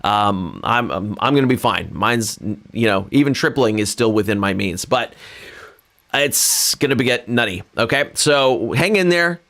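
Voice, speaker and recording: Earnest and rambling, a Californian musician livestreams casually from home with guitar faintly heard. His medium-pitched voice is animated, a little slow, and fairly bright, and he's self-deprecating with frequent restarts.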